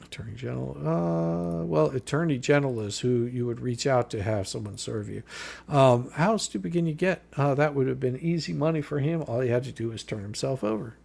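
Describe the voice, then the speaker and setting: A man talking a little fast in a medium-pitched, gravelly, slightly mellow voice hosts a live stream. He reads a legal filing aloud and scornfully answers each point with swearing and sarcasm.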